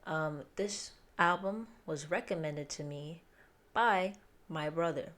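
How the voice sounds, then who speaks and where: A woman's voice: deep voice, slow pace, a bit bright. A woman hosting a music reaction video, talking casually and directly to her viewers, with occasional swearing. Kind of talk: casual chat, reacting to an album. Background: faint music from the album.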